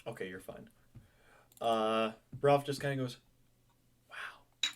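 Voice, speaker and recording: A man's voice: medium pitch, a little slow, slight background noise. A young man running a tabletop game as game master, chatty and loose, laughing and swearing casually.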